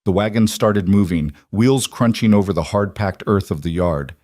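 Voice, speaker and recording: A man's voice: low voice, normal speed, warm tone, dry recording, clean studio sound. A man reading a dramatic story in a scripted narration style.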